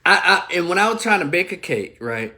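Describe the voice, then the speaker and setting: A man's voice: sits high, big pitch swings, fairly quick, sharp tone. A man from Memphis, ranting heatedly to his livestream viewers and swearing often. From Memphis, Tennessee. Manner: heated, profane, addresses viewers directly. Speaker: livestream commentator. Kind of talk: livestream opinion rant.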